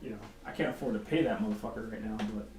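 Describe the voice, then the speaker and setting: A man's voice: lowish voice, rapid-fire, creaky, a little mellow. A man chatting casually while drawing on a livestream, rambling, swearing freely and laughing often. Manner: laid-back, rambling, profane, laughs often. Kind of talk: casual chat. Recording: roomy echo, faint music behind.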